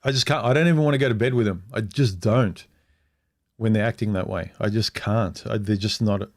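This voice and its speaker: A middle-aged man with a lowish voice talks fairly quickly, sharing a personal story on a casual livestream. The vlogger is candid and rambling, with frequent restarts and acted-out quoted speech.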